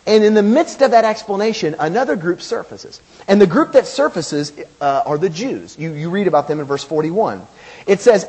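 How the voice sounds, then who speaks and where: Casting: husky-voiced male pastor, high, lively delivery, emphatic sermon style. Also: normal speed. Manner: animated, emphatic preaching with quotes and asides.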